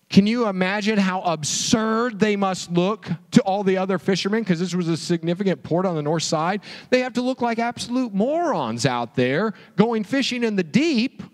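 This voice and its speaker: A man with a high voice delivers a sermon as a pastor. He tells the story in an animated way and keeps asking his listeners rhetorical questions. His voice carries a long reverb, as from a large hall. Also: moderate pace.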